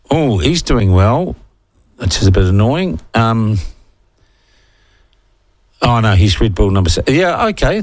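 A man with a New Zealand accent hosting talkback radio, reading listener texts and giving blunt, opinionated, sarcastic takes. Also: mid-range voice. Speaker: radio talk show host.

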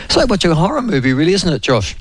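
A man's voice: fairly high pitch, big pitch swings, rapid-fire, husky, dry recording. A man hosting morning talk radio in a wry, rambling, opinionated monologue.

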